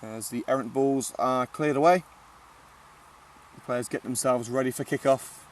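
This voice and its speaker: A man's voice: medium pitch, fairly even intonation, moderate pace, distant mic, slight background noise. A man giving casual live commentary at an outdoor football ground, chatty and joking with lots of filler "uh"s. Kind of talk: live amateur match commentary.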